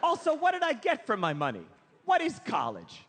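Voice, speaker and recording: A man performing a self-mocking stand-up comedy routine before a live audience, building to shouted punchlines. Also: very high-pitched, huge pitch swings, normal speed. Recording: noisy live stage recording.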